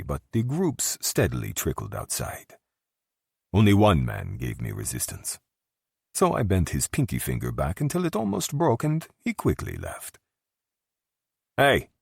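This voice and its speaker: A man narrating a dark romance audiobook in the first person, gruff and menacing in tone. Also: very deep voice, wildly swooping pitch, normal speed, dry recording, studio quality.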